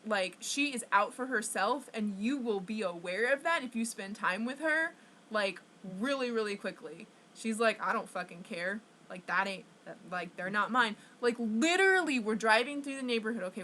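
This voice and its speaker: A woman's voice: a little high, sharp tone, slight background noise. A young woman venting to her camera, rambling with constant fillers and swearing, stressed and upset. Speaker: vlogger.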